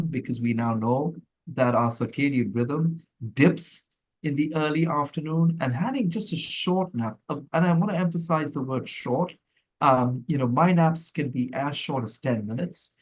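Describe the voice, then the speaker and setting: A middle-aged man from India, a mental health professional answering interview questions in a thoughtful, measured way with frequent restarts. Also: fairly high pitch.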